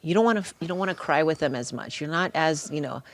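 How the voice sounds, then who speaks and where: A woman's voice: sits low, expressive, quick pace. A woman hosting a casual podcast interview, talking earnestly and with emphasis. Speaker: podcast host.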